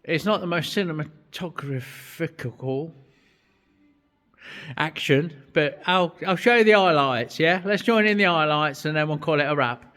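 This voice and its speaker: A man's voice: a little high, animated, a little slow, fairly bright tone. A man, chatting bluntly and swearing a lot as he explains his metalwork in a vlog. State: out of breath at times. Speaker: vlogger and metal fabricator. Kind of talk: casual workshop vlog narration.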